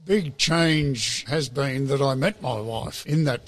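A man's voice: medium pitch, takes it slowly. A man, telling a long personal story at an easy rambling pace with repeated words. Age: 70s. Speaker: interview guest. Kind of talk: casual storytelling.

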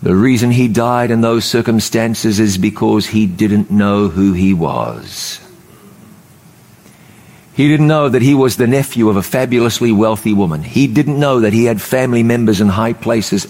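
Fervent preacher, pitch soaring on emphasis. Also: male voice, lively intonation, a little mellow. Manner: fervent, rises to high emphatic pitch on key words; slows and drops low for solemn storytelling. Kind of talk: sermon.

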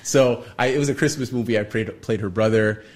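A man from Canada, a guest on a radio show, telling a long story with lively energy and acting out the other people in it. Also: fairly low pitch, fairly quick. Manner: animated storyteller, acts out other people's lines.

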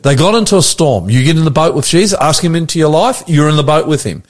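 A man's voice: a little high, expressive. A man with an Australian accent, a pastor preaching in a radio chat, earnest and often checking that his co-host follows. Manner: earnest, preacherly, asks quick check-in questions.

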